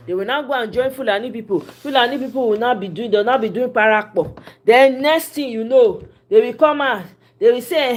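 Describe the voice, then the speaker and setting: A woman with a Nigerian accent giving casual political commentary, mixing Pidgin English with animated, often laughing delivery. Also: fairly high pitch, fairly quick.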